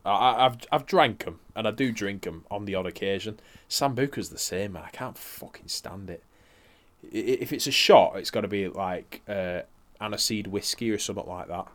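A man's voice: on the low side, normal speed. A young man, chatting casually, swearing freely and laughing through his stories while commentating on wrestling. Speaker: co-host.

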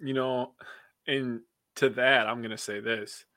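A man co-hosting a casual sports podcast, excitable and quick to swear as he talks through the games. His voice is bright and forceful, mid-pitched, and sits dry and close with no room around it. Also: dry recording.

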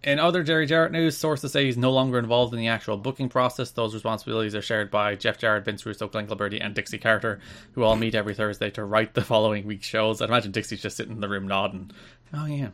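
A man's voice: on the low side, fairly even intonation, quick pace, a bit bright. Irish man co-hosting a chatty podcast. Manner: reads news items then riffs loosely. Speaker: podcast co-host. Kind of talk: casual chat.

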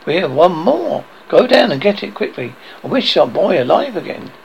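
A man's voice: high voice, big pitch swings, normal speed, creaky, a little hiss or hum, heavily acted, poor audio. A man voicing a grieving old wife, pleading feverishly and frantically.

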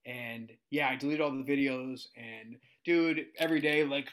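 A man in his thirties telling funny stories in casual chat, acting out the voices he quotes and jumping up in pitch. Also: a little fast, hardly any pauses. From United States. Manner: animated, acts out quoted voices, jumps in pitch. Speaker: guest storyteller.

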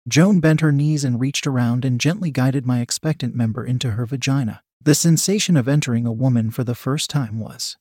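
A man calmly reading a first-person story in a measured, intimate way. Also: mid-range voice, dry recording, studio quality. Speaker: narrator.

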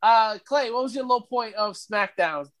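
A man's voice: high-pitched, a little slow, crowd noise. A man co-hosting a wrestling podcast, joking and teasing while steering the segments. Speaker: podcast co-host. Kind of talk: casual chat.

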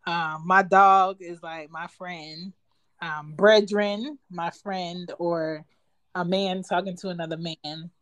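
A woman co-hosting a casual chat, talking in an animated, slangy way and quoting phrases. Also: lowish voice, dry recording. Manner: animated, slangy, jumps in with quick quotes. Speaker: podcast co-host.

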